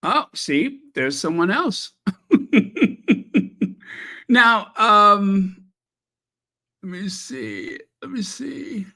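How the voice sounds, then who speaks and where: Slow-talking man hosting a livestream. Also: sits high, big pitch swings, vocal fry, pushed and bright. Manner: chatty, reacting to viewer messages with many fillers. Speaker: channel host. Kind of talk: casual livestream chat.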